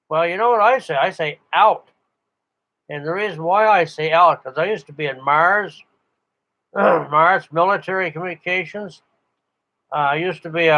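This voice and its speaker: A man's voice: fairly high pitch, dull audio. An older man, a ham radio operator, telling rambling stories in a casual chat with frequent chuckles. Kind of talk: casual monologue.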